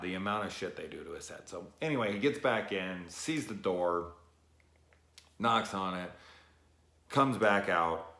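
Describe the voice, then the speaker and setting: Deep-voiced man ranting a film review. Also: fairly bright tone, roomy sound. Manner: emotional, profane, retelling scenes with quoted lines. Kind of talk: rambling spoiler review.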